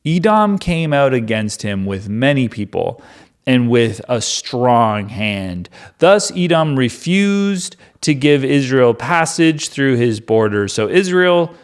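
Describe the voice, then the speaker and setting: A man's voice: mid-range voice, big pitch swings, slow pace, clean tone. A man reading the Bible aloud and musing over it in casual commentary, wondering aloud and saying "like" a lot. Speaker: Bible reader and host.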